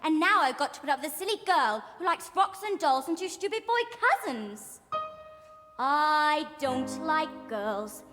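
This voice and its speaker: A woman's voice: high-pitched, expressive, unhurried. An actress playing a stubborn, sulky tomboy girl in a stage musical, with a British accent. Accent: British English. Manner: sulky, defiant. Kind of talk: stage musical acting and singing. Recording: live theatre recording with reverb and band music.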